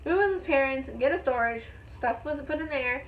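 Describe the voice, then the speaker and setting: A young woman vlogger telling a story in a rambling, excited way, with lots of fillers. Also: sits high, fairly quick, slight background noise. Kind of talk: casual storytelling vlog. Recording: tinny phone-like sound.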